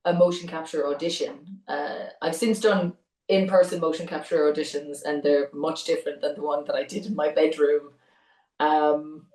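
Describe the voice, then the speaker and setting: A young adult Irish woman, a voice actor chatting in an interview, talkative and quick to laugh. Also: deep voice, flat delivery, darkish tone, roomy sound, far from the mic, rough recording. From Ireland. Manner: chatty, laughs often, many restarts. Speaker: voice actor guest. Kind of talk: casual interview chat.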